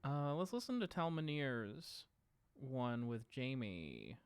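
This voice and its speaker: A man hosting a casual livestream from home, talking in a relaxed, rambling way with lots of filler sounds. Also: mid-range voice, takes it slowly, clean tone, dry recording. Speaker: podcast host streaming live.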